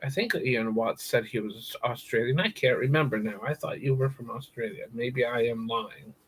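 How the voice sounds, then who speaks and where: A man's voice: medium pitch, moderate pace, fairly bright tone, breathy edge, poor audio. A man hosting a casual livestream, chatting with viewers and repeating words over and over for crude, silly jokes. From United States. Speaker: livestream host.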